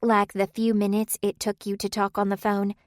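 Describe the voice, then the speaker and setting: A woman's voice: medium pitch, flat delivery, normal speed, dry recording, natural voice. A woman voicing a haughty, petulant shop manager who grumbles and snipes, in a dry audiobook reading. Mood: snide grumbling. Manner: grumbling and snide. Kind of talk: audiobook character voice.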